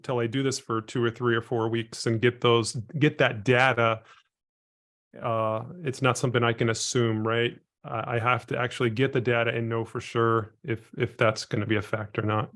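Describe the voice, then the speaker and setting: A man calling in to a live session with a question, earnest and a little hesitant. His voice sits at a mid pitch and he often thinks aloud with fillers. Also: flat delivery, normal speed, fairly bright tone. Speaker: caller, student trader. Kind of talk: call-in question.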